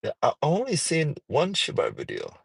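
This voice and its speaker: A man's voice: wildly swooping pitch, normal speed, gravelly, breathy edge, no echo. A man chatting casually on a livestream while out at a mall, rambling, joking and swearing freely. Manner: rambling, playful, swears freely, sudden singing and high-pitched bits. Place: outdoors at a mall parking area.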